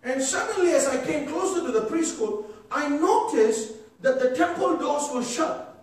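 A man preaching a sermon as a pastor, emphatic and rising to shouts, calling out "amen" and "come on" to the congregation. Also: extremely high pitch, lively intonation, moderate pace. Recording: echoey hall, distant mic.

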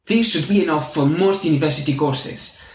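A man with a Spanish accent giving a clear, methodical university biology lesson as the channel's teacher. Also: on the high side, moderate pace. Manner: clear, methodical, friendly explaining. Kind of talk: university lecture explaining with drawings. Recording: echoey room.

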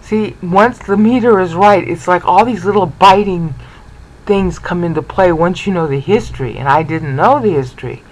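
A Bible teacher with a high-sitting voice gives an informal lecture on Bible history over slides, at a moderate pace. He's chatty and keeps checking in with "okay?", though the audio quality is poor.

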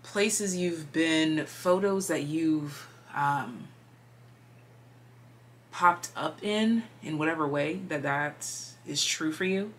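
Low-voiced chatty woman tarot reader. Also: slow pace, a bit bright. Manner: chatty, meandering, filler-heavy, drops into whispers. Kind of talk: casual tarot reading.

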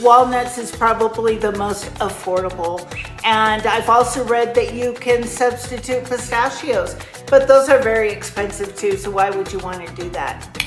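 A woman with a higher-pitched voice hosts a casual cooking demo in a cabin kitchen as a cooking vlogger, playful and chatty, tossing silly asides to her viewers. She speaks at normal speed in a reverberant room, with music in the background.

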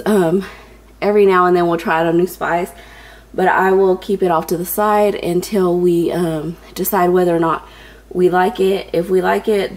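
Young woman vlogger, slightly breathless, low-ish voice, chatty and filler-heavy. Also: darkish tone. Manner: chatty, many ums, addresses viewers as you guys. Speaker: home organization vlogger. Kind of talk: casual tutorial narration.

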